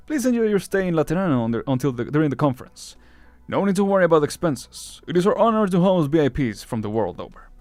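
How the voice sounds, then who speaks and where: A stiff, courteous church official addresses a guest, as a man reads his lines. The voice is slightly higher than average and carefully formal. The sound is dry and close. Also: a little mellow, dry recording.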